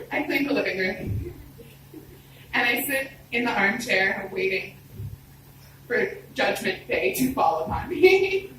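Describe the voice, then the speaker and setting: A woman telling a personal story on a live storytelling stage, expressive, conversational and self-deprecating. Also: mid-range voice. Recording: roomy hall, distant mic, background noise.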